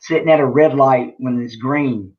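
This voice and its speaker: A man's voice: mid-range voice, normal speed, muffled recording, noisy background. A man, a guest on a podcast, talking in laid-back casual chat with short answers. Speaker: guest, fighter and army veteran.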